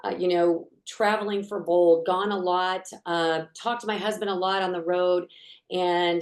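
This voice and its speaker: A woman's voice: on the low side, steady tone, measured pace. A woman, a real estate coach on a coaching call, talking casually through hypothetical scenarios with fillers. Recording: echoey room sound.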